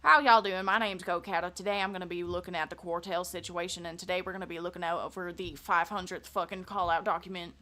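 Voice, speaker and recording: A young woman in a hammed-up, loud Southern drawl, as a streamer puts it on, with a bright, forceful edge on a lowish voice. The drawl is broad and exaggerated. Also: fairly even intonation, fast talker, hardly any pauses. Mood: playful.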